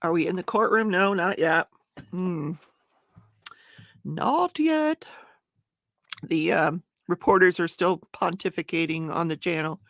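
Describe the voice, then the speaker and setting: A woman's voice: on the low side, slow pace, pauses often, dry recording, studio quality. An older woman hosting a casual home livestream, chatting and laughing as she greets viewers by name. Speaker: livestream host.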